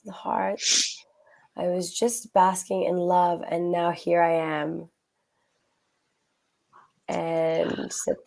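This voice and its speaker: A woman co-hosting a live chat, soothing and coaxing her friend, frank and quick to swear. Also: lowish voice, animated, gravelly, darkish tone. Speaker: co-host. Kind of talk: supportive casual chat.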